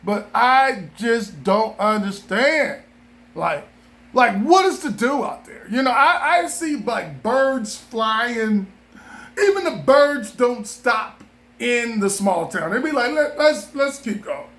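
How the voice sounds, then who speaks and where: Male vlogger from Southern California, high-pitched and unhurried, loose comic riffing style. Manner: animated, joking, repeats himself. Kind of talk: casual rambling monologue.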